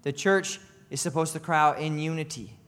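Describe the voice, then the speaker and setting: Impassioned preacher in a reverberant hall. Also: male voice, a little high, steady tone, normal speed. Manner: impassioned, rising to loud cries, with asides and chuckles. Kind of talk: sermon.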